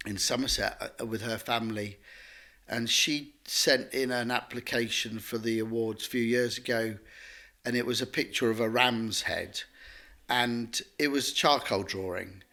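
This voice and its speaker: Rambling man telling stories. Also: medium pitch. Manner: lively, rambling, with many restarts. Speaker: guest artist. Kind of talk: conversational storytelling.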